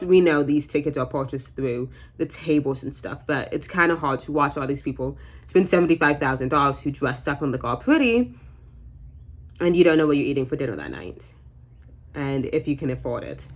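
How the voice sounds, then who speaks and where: A woman in her twenties chatting casually through a makeup tutorial, jokey and rambling, with fillers and the odd swear word. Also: low voice. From United States. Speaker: beauty vlogger.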